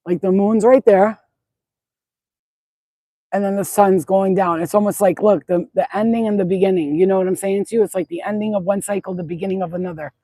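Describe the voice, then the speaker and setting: A middle-aged woman talks to her viewers outdoors in a loose, rambling livestream chat. Her voice sits at an ordinary middle pitch and sounds close and dry, with little reflection around it. She swears freely and circles back over the same points. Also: steady tone, fairly quick, mellow, dry recording, rough recording. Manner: rambling, profane, repeats herself. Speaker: spiritual channel host. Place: outdoors at sunset.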